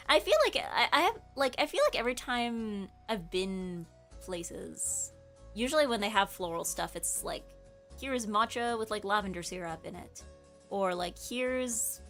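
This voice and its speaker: A woman's voice: medium pitch, fairly bright tone. A woman streamer in casual chat, rambling and correcting herself, with lots of filler words. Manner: rambling, chatty, many filler likes, self-correcting.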